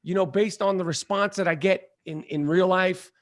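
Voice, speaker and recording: A middle-aged man, an actor and comedian, chatting as a podcast guest in a profane, emphatic, animated way. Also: sits high, moderate pace. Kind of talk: casual podcast chat.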